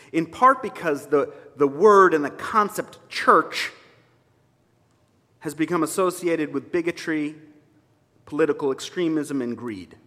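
A minister preaches a sermon in a conversational, emphatic style, tossing wry asides to his congregation. His voice is a little high and sharp, and the recording has a reverberant hall sound.

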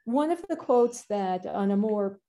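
A woman's voice: mid-range voice, a little slow, slight background noise. A woman filmmaker chatting casually in an interview, acting out quotes as she tells stories. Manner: animated storyteller, acts out quotes.

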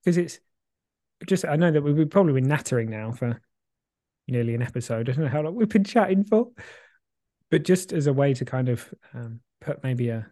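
Male podcast co-host, mellow and rambling, dry close mic. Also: mid-range voice, lively intonation, a little fast, dry recording. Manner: rambling, reflective, many fillers and restarts; swears casually, laughs easily. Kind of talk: casual chat.

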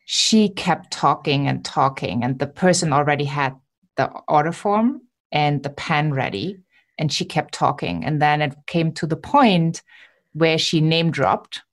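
A woman hosting a podcast interview, with a notably low-pitched voice. She responds to her guest in a reflective way and brings in a story of her own. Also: measured pace. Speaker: host.

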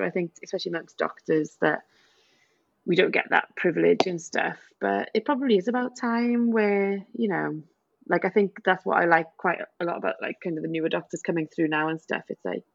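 A woman's voice: lowish voice, fairly quick, vocal fry, no echo, muffled recording. A woman doctor co-hosting a casual podcast chat, talking loosely with lots of fillers and hedges. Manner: chatty, hedging with many fillers.

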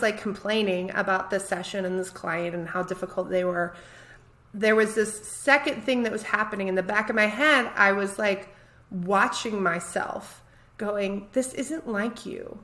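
A woman therapist co-hosting a podcast, telling her own stories in a casual, animated way with many "like"s. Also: mid-range voice, a little slow. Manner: animated storyteller, frequent "like". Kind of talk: casual conversational chat.

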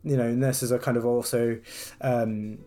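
A man co-hosting a casual podcast, talking in an animated way and slipping into mocking quoted voices. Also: medium pitch, measured pace. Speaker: podcast co-host, doctor.

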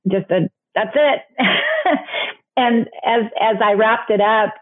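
A woman's voice: a little high, wildly swooping pitch, takes it slowly. A middle-aged woman, an interview guest, telling a personal story candidly with many restarts and fillers. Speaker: guest, author. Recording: phone-like remote line.

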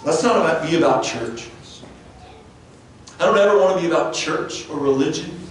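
A pastor whose voice is fairly high delivers an earnest sermon at a moderate pace in a church sanctuary, often stumbling and restarting. A distant microphone picks him up amid the room's echo and faint background noise.

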